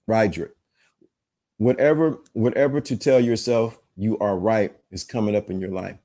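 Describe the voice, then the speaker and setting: A man's voice: fairly low pitch, a little slow, long pauses, warm tone. A man hosting a live-streamed relationship podcast, talking to his chat in an emphatic, preachy way and often repeating himself. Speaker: podcast host. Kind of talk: live-streamed self-help talk.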